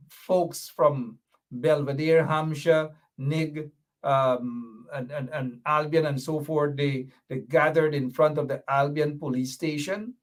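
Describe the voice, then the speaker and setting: A man hosting a political commentary show, emphatic and repetitive, with a mocking edge. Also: on the high side. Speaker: show host.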